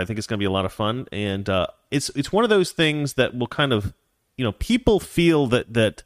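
A man's voice: fairly low pitch, no echo, clean studio sound. A man hosting a casual livestream from home, rambling and repeating himself as he reads out viewer comments. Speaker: livestream host.

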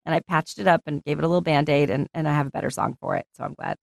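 A woman's voice: low voice, rapid-fire, gravelly, no echo, clean studio sound. An American woman, a singer-songwriter and voice actress, chatting casually as an interview guest and acting out what others said. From United States. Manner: animated storyteller, acts out quotes.

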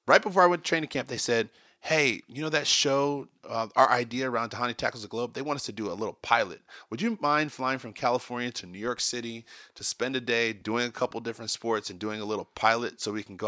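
Animated, bright-voiced man telling stories. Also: medium pitch, no echo, clean studio sound. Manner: animated, excitable storyteller. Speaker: guest. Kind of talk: casual podcast storytelling.

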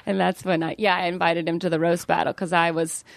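A woman's voice: on the low side, flat delivery, a little fast, vocal fry, dry recording. A woman co-hosting a podcast, chatting casually, teasing and laughing often. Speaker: podcast co-host. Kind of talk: casual chat.

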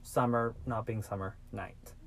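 A man hosting a podcast, telling a true-crime story in a casual, animated way and swearing freely. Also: on the low side, a little slow, vocal fry. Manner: animated, swearing, acts out quoted voices. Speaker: podcast host.

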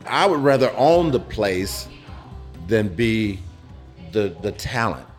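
Low-voiced man telling his story haltingly. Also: big pitch swings, soft background music. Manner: halting, repeats and restarts phrases. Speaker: interview guest. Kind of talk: casual storytelling interview. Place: pizza restaurant.

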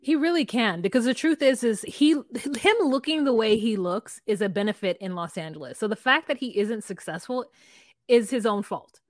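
A woman co-hosts a podcast with wry, gossipy remarks and a high voice for a woman. The sound is close and dry, with no room echo. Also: animated, moderate pace. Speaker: podcast co-host. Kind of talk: casual chat recapping a reality show.

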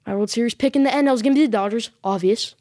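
A woman's voice: on the high side, rapid-fire, a little mellow, no room sound, clean studio sound. Emphatic woman giving sports picks. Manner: emphatic, insistent, repeats short affirmations. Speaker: sports vlog host. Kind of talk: casual sports predictions.

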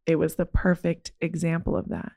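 Her slightly low voice carries vocal fry at a moderate pace as this young podcast host candidly recounts something that happened to her. She gets animated and expressive in the retelling and uses "like" frequently.

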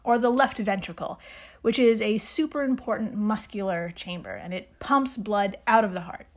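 A woman's voice: mid-range voice, normal speed. A woman co-hosting a casual podcast, explaining things playfully and laughing often. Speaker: podcast co-host. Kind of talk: casual chat.

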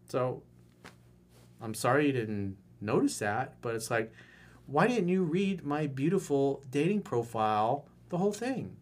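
A man's voice: fairly high pitch, a bit bright. A man giving dating advice in a video coaching monologue, playful and acting out little bits of dialogue as he explains. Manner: playful, acts out dialogue in quick asides.

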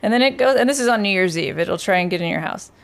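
Female podcast co-host, mid pitch; playful, joking storyteller with casual swearing. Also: lively intonation, fast, gravelly, a little hiss or hum. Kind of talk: casual chat.

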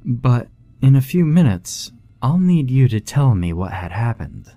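Man putting on a gentle middle-aged woman's voice, cooing, a bit lifted. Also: mid-range voice, sing-song, unhurried, no room sound, voice pushed up. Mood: gentle reassuring. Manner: cooing and reassuring.

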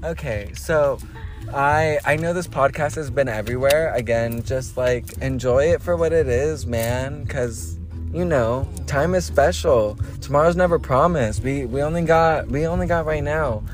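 A man co-host rambles excitably and swears freely in casual chat from a car, at a mid-range pitch. Faint music sits under his voice. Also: measured pace. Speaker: podcast co-host. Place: inside a car.

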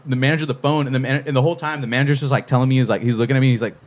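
A young man talks quickly on a podcast, spinning a profane story with lots of energy. He drops into other people's voices to act out what they said, then jumps straight back into his own. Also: mid-range voice. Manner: profane, animated storyteller acting out quotes. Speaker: podcast co-host. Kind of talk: casual storytelling. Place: podcast studio.

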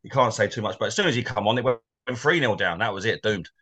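A man's voice: fairly low pitch, lively intonation, quick pace, fairly bright tone, husky. A man, co-hosting a podcast and telling rambling stories about football. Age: 40s. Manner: rambling, anecdotal, laughs easily. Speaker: co-host. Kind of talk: casual football chat.

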